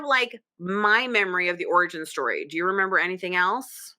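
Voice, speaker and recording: A woman host talks in a low, bright voice with a forceful edge. She chats casually and wanders into asides. The sound is close and dry, picked up by a computer mic. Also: fast talker, dry recording. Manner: chatty and digressive, full of asides. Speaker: podcast host. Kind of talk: casual chat. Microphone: computer microphone.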